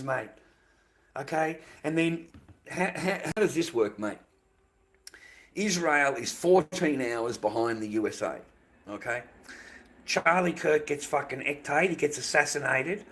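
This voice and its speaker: A man's voice: on the high side, a bit bright. Ranting, swearing Australian man. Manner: heated, profane, repetitive ranting. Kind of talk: ranting livestream monologue.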